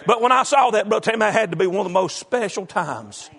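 A man in his fifties preaching a fervent sermon, calling out congregation members by name and swinging from soft reflection to shouting. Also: high voice, animated, quick pace, creaky, husky.

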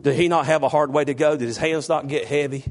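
Middle-aged male pastor, slightly high voice, loud exhorting sermon delivery. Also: steady tone, fast. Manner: rising to loud exhorting, calls on congregation by name.

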